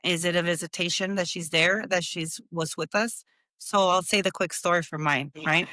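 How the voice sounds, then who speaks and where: A woman's voice: lowish voice, steady tone, moderate pace, pushed and bright, no room sound. A woman co-hosting a casual podcast, telling stories and mixing Spanish words into her English. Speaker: podcast co-host. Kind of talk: casual conversation and storytelling.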